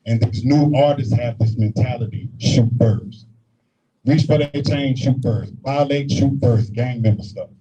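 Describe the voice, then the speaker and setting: Low, mellow man rousing a crowd. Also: slightly rough. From South Carolina, US. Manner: call-and-response, rousing. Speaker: rally speaker leading a chant. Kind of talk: rally speech. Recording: dull lo-fi recording, faint noise.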